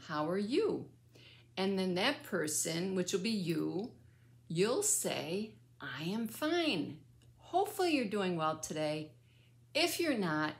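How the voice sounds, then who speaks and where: An older woman teaching a child French as a grandmother would. Her voice is low and gravelly, and it swoops up and down. She speaks slowly and patiently, in a sing-song way. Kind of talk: children's language lesson.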